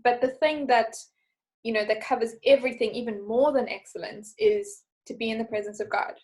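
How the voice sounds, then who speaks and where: A woman guest in a casual faith chat, telling a story in an animated way and acting out the voices in it. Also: on the high side, fairly quick, rough recording. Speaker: podcast guest.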